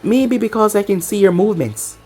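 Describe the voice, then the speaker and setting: A woman voicing a calm, cocky young male ninja in a fan fiction reading, her voice pitched a little lower. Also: brisk, breathy edge, soft background music, close to an everyday voice.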